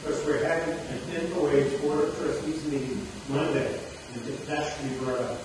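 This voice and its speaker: A man's voice: fairly high pitch, fairly even intonation, normal speed, noisy background. A man in the audience of a club meeting answering questions plainly. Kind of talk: casual meeting talk. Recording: echoey hall recorded from far off.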